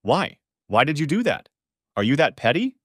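A man acts out an indignant wife in a storybook reading, her voice pushed up high and shrill. She accuses and defends herself in a loud, agitated rush, in a dry, close recording with no room sound. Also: big pitch swings, normal speed, no echo. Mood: shrill, accusing. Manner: shrieking, indignant, pleading.

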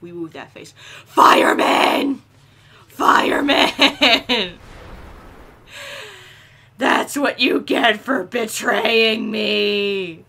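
A woman giving silly, animated let's-play commentary, chatting to the game characters as she plays. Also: mid-range voice, extremely slow, gravelly, long pauses. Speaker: gameplay commentator.

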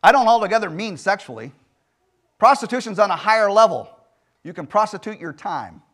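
A male pastor preaching a sermon in a church, emphatic, firing rhetorical questions and swinging between loud and soft delivery. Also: sits high, expressive, a little fast. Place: church sanctuary.

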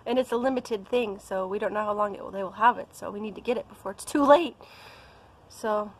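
A woman's voice: medium pitch, a little fast, rough recording. A young American woman talking casually in a vlog, chatty and playful. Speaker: vlogger.

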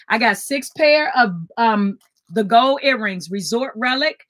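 Older woman, live-stream jewelry host, chatty and repetitive, somewhat high voice. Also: lively intonation, a little slow, a bit bright. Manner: chatty, repeats item codes, greets viewers by name.

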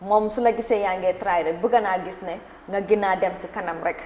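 A woman from Gambia hosting an interview, mixing Wolof, English and French and giving many soft murmurs of agreement. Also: mid-range voice, fairly quick, a little hiss or hum. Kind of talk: interview conversation. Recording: echoey room with long reverb.

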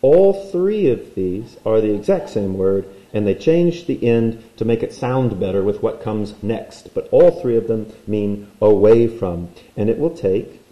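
A man's voice: lowish voice, expressive, unhurried, few pauses, dull audio. Guy teaching a language lesson, playful, doodling as he goes, kinda echoey room. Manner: playful, drawing as he explains. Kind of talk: recorded lesson.

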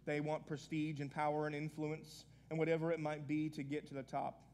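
Earnest pastor, slightly high voice. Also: male voice, monotone, brisk, a little mellow, a little hiss or hum. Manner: earnest, conversational preaching with frequent restarts. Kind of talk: sermon.

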